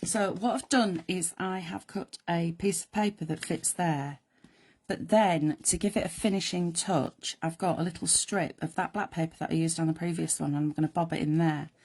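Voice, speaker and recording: Croaky woman demonstrating crafts. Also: on the low side, steady tone, moderate pace, darkish tone. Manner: chatty, rambling asides to viewers. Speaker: crafting host. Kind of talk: live card-making demonstration.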